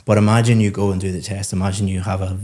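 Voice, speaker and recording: Low, mellow-voiced male tutor. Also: little pitch movement, quick pace. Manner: patient, explanatory, conversational. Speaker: speaking test tutor. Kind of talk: one-on-one feedback session.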